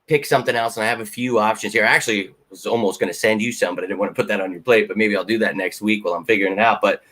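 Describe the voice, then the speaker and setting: Excitable lower-voiced man hosting a live fan Q&A. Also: racing. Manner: excitable, rambling, swears freely. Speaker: fan channel host. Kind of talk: live Q&A chat.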